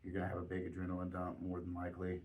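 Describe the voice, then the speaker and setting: Guy with a low voice, teasing and dry, chatting on a podcast. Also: completely flat delivery, very fast, a little mellow. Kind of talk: casual chat.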